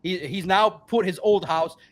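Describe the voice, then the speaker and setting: A man's voice: high voice, measured pace. A man in his forties, a sports podcaster guesting on the show, talking emphatically and with plenty of swearing, a little tipsy from beer. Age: 40s. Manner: emphatic, profane, rambling. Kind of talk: casual podcast chat.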